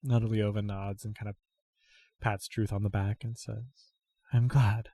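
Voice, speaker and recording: A man narrating a tabletop role-playing game as game master, quietly voicing the characters in an unhurried way. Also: fairly low pitch, level tone, no room sound.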